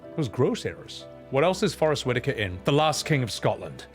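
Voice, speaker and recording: Brief: expressive male streamer, chatty and profane, wide pitch swings, light music bed. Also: brisk. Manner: animated, swearing, acts out movie scenes in voices. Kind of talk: casual livestream chat while gaming.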